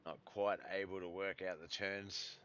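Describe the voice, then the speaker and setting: An Australian man commentating a live sim truck race in a relaxed, rambling way, with lots of fillers and self-corrections, his voice starting to go. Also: low voice, measured pace, dull audio, slight background noise.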